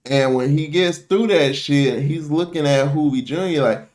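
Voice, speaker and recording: A man's voice: a little high, normal speed, darkish tone. A man hosting a reaction video, recapping an episode in casual, profane slang and acting out the characters' lines.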